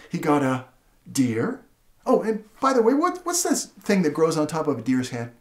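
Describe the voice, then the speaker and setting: A man demonstrating how to read a picture book aloud to a child, playful and animated, asking many questions and gasping and laughing in surprise. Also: fairly high pitch, normal speed. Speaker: literacy educator. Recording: roomy echo.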